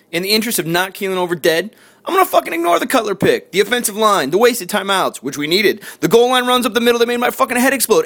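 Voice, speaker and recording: A man with a strikingly high, bright, sharp voice tears through a scripted comedy rant about his sports team. He rattles along at a quick clip and stays profane, sarcastic and exasperated the whole way. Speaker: sports fan ranter.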